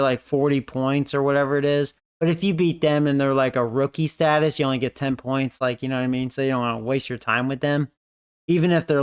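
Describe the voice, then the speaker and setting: Rambling man with a smooth voice. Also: mid-range voice. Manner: rambling, many fillers, laughs often. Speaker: gaming video host. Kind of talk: casual storytelling while playing.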